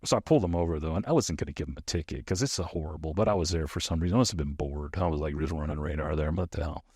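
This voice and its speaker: A middle-aged former soldier from the United States tells stories casually in an interview, animatedly acting out the quoted dialogue. His voice is extremely low and rapid-fire with a breathy edge, recorded in studio quality with no room sound.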